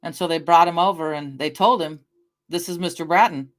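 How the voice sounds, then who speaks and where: A woman's voice: lowish voice, brisk. A middle-aged woman from the Northwest drifts from one anecdote to the next as she talks to her stream. She swears offhandedly and breaks off to answer viewers. Her tone is loose and conversational. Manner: rambling storyteller, swears casually, talks to chat. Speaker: livestreamer. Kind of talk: casual livestream chat.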